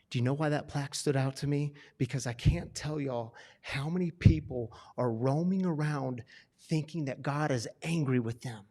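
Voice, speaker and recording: A man preaching to a recovery church community, telling a story with swings between loud and hushed delivery. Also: medium pitch, normal speed. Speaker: pastor. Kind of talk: sermon storytelling.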